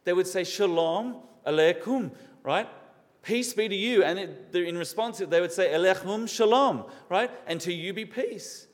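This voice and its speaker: A man's voice: high voice, normal speed. A man preaching a sermon in an earnest, questioning way, repeating key words for emphasis. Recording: long reverb of a large hall.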